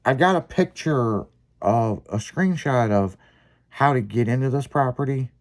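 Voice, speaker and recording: A man's voice: medium pitch, lively intonation, a little slow. Profane rambling man telling a story. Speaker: podcast host. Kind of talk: casual storytelling chat.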